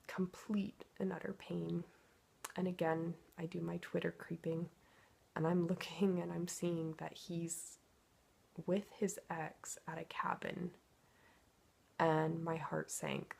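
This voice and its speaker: A woman's voice: on the low side, creaky, a little mellow, husky. A woman telling her own emotional story in a confessional vlog, acting out her inner thoughts as she goes. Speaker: twin flame coach.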